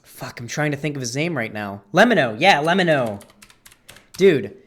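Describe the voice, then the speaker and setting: A man's voice: fairly high pitch, animated, moderate pace, breathy edge. A young man hosting a reaction video, rambling in casual, profane commentary full of "like" and swearing. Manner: rambling, lots of "like", swears freely. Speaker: host.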